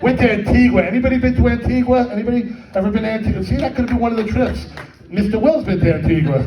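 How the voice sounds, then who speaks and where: A man's voice: high-pitched, fast talker, lo-fi sound. A middle-aged man doing a stand-up comedy set, with crude, rambling, self-mocking crowd work. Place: comedy fundraiser hall with live audience. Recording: echoey hall with audience, mic at a distance.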